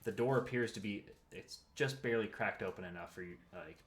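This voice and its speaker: A man running a tabletop game as game master, describing scenes patiently and reading in-world text out slowly. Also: fairly low pitch, fairly bright tone.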